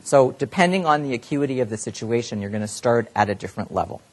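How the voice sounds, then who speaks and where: Male health educator, direct, plain lecture delivery, mid pitch. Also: animated, quick pace. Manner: plain-spoken, addresses audience directly. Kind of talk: live lecture to clinicians.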